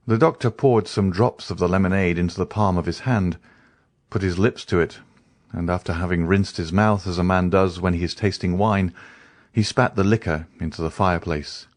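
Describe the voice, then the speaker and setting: A man narrating an audiobook in a steady, measured reading voice. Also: deep voice, dry recording, studio quality. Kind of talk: scripted narration.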